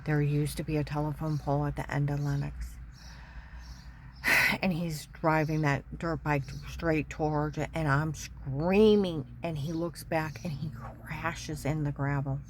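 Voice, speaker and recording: Low-voiced woman giving emotional testimony. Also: little pitch movement, a little slow, background noise. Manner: emotional, repeats key points. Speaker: mother telling her own story. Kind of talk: personal testimony.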